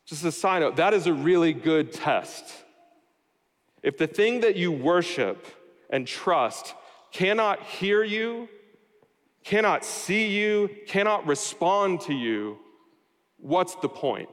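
A man's voice: high-pitched, expressive, slow pace, pauses often. A man preaching a sermon, explaining a scripture passage verse by verse and adding wry everyday asides. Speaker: pastor. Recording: long hall reverb.

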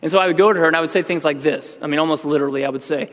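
A man's voice: fairly high pitch, racing, few pauses, fairly bright tone, big-room sound. A man pastor giving a sermon, talking conversationally and then building to emphatic outbursts.

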